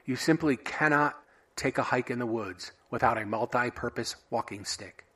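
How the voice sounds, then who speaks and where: Husky deadpan man musing solo. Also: mid-range voice. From United States. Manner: wry, offhand, deadpan musings. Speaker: podcast host. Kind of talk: solo monologue of random thoughts.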